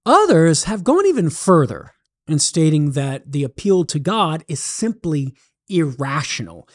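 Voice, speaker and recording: A man's voice: a little high, big pitch swings, measured pace. A man with a Cajun accent from southern Louisiana, a Catholic apologist hosting a radio talk show and explaining beliefs in a teacherly, storytelling way.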